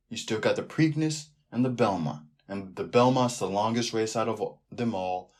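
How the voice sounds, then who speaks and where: A man hosting a sports podcast alone, talking in a loose, animated way that keeps drifting off into tangents. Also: mid-range voice, normal speed. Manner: rambling, animated, riffs off on tangents. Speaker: podcast host. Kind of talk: casual sports podcast monologue.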